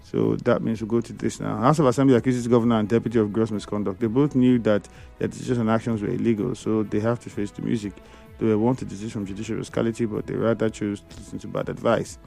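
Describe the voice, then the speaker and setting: Nigerian guy hosting morning radio, gravelly, quick reading out texts. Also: on the low side, fairly even intonation, mellow, soft background music. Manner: brisk, reads out listener messages and takes calls. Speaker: radio host. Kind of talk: radio call-in show. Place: radio studio.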